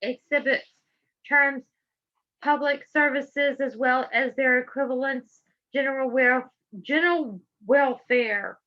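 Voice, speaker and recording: A woman's voice: high voice, slow pace, dull audio. A middle-aged woman from Georgia with a Southern accent, giving impassioned public testimony in a fervent, preacherly way. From Georgia, USA. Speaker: public speaker.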